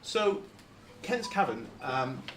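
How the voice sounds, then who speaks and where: Halting man giving a club talk. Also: medium pitch, sing-song, fairly bright tone, slight background noise. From Lancashire, England. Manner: halting, many fillers and restarts. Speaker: guest speaker. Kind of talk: informal club lecture.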